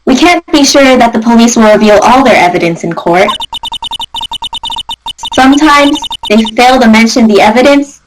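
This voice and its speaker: A woman's voice: on the high side, lively intonation, normal speed, background noise, lightly acted. A woman voicing an eager, chipper young female forensics enthusiast in an amateur game dub. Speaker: fan voice actor. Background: background music.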